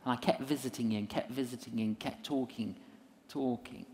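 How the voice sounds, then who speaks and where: A man's voice: medium pitch, normal speed. A man, a minister, telling a story in a lecture with self-mocking humor and acted-out voices. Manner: animated storyteller who acts out voices. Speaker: minister and evangelist.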